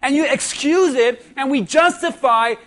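A man preaching a sermon as a pastor, building with repeated phrases and rising to shouts. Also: very high voice, measured pace. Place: church.

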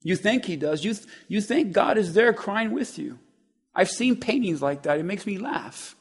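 A man preaching a sermon, speaking to the congregation conversationally and building from quiet asides to loud, urgent passages. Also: high-pitched, animated, moderate pace, breathy edge. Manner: conversational, quotes scripture in voices.

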